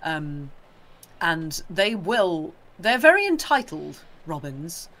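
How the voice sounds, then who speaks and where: In casual livestream talk, a British co-host wanders between opinions and quickly performs birds as asides. The mid-range voice is very animated, pushed and bright, with a little hiss or hum in the recording.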